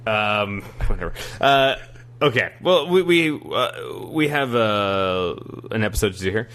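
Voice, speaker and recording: A man co-hosting a casual podcast chat, animated and laughing often. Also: fairly low pitch, a little slow. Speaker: podcast co-host.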